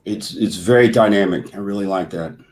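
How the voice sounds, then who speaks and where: A man's voice: low-pitched, a little fast. Rambling man hosting. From Kentucky, USA. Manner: rambling, animated storyteller. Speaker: host. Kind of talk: casual livestream chat.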